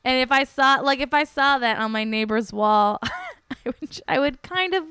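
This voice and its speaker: A woman's voice: sits high, very animated, normal speed, sharp tone, clear, resonant tone, no echo, clean studio sound. A young woman comedian chatting casually on a podcast, rambling with lots of fillers and giggles. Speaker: comedian guest.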